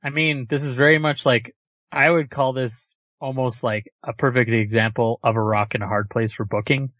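A man on a casual chat panel, speaking in a measured way and hedging his calls. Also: medium pitch, steady tone, fairly bright tone, no echo. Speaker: podcast panelist. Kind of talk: casual wrestling prediction chat. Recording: dull lo-fi audio.

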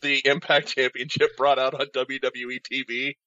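A man co-hosting a casual podcast, excitable and laughing partway through his sentences. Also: mid-range voice, normal speed, no echo. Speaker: podcast co-host. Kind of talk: casual wrestling podcast chat. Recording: slightly dull lo-fi sound.

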